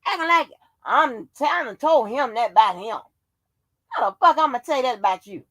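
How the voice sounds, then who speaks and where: A woman's voice: sits high, animated, normal speed, bright, forceful tone, no echo. A woman hosting a livestream, ranting in a casual monologue full of profanity and exasperated rhetorical questions. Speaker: livestream host.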